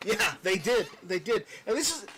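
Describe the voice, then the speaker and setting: A man hosts a laid-back livestream, bantering with a co-host and reading viewers' comments out loud, frequently repeating words when he restarts a thought. His high-pitched voice is sing-song, bright, and forceful, delivered at a moderate pace.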